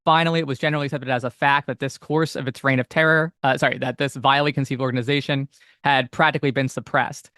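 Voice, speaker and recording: A man's voice: medium pitch, steady tone, fast, sharp tone, no echo, studio quality. A man co-hosting a podcast, reading old passages aloud steadily between casual, filler-heavy chat. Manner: reads old text steadily, chats with many fillers. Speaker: podcast co-host.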